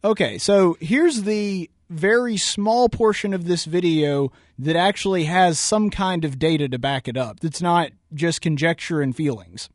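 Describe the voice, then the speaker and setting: Reacting to a video with political commentary, this Southern-accented man hosts a radio show and rebuts the clip point by point, argumentative and repeating words to stress them. He speaks unhurriedly at a fairly high pitch with hardly any pauses, and the studio sound is clean and dry.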